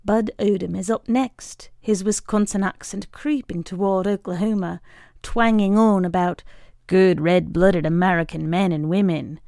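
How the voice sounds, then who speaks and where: Gravelly woman reading a wry story. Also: lowish voice, dark tone, dry recording, studio quality. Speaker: reader.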